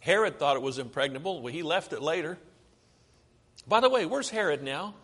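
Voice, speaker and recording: A man's voice: on the high side, lively intonation, brisk, fairly bright tone, breathy edge. An American man preaching a sermon, talking through slides and asking the audience questions. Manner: conversational, asks the audience questions. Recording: long hall reverb.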